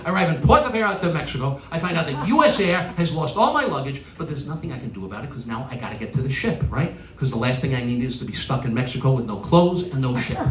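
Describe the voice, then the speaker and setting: A middle-aged New Yorker does a stand-up routine on stage in a large venue, his high, lively voice bouncing all over as he lands punchlines and launches into exasperated rants. The live hall is roomy and echoey, recorded from a distance, with the crowd laughing and applauding.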